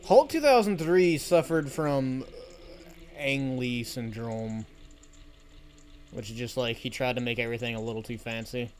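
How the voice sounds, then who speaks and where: A man's voice: mid-range voice, measured pace, a little hiss or hum. A man streaming a game with friends, giving rambling, opinionated movie talk in a casual chat. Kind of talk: casual chat while gaming. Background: game music.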